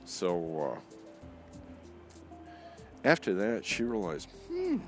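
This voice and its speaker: A man with a very deep, gravelly voice tells a story slowly and unhurriedly. His delivery swings up and down with lively pitch as he acts out the people in it. Clear music plays behind him. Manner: animated, acts out quoted voices. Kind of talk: casual spoken storytelling.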